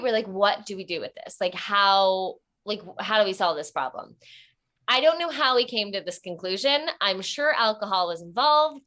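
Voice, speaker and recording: Bright, animated young woman storyteller. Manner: animated, acts out quoted voices with sudden high squeals. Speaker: storytelling guest. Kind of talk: casual comic storytelling.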